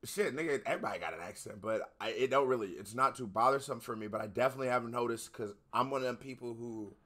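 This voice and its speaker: Young American reaction host, bright voice, loose and animated. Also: male voice, medium pitch, fast. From United States. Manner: animated, swearing, talks over the track. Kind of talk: casual reaction commentary.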